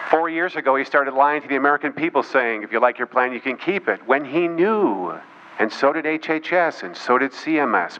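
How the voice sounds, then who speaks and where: A man with a bright, pushing voice speaks to an audience, full of sarcasm and dramatic pauses as he tells a story. The recording is dull and lo-fi, with a faint hiss underneath. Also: medium pitch. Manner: animated storytelling with mocking asides. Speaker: political speaker. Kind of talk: speech to a live audience.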